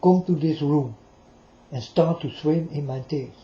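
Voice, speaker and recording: A man with a fairly high, mellow voice rambles through a preachy monologue at a measured pace, speaking straight to his listeners and repeating himself as he goes. The recording is roomy, dull and lo-fi.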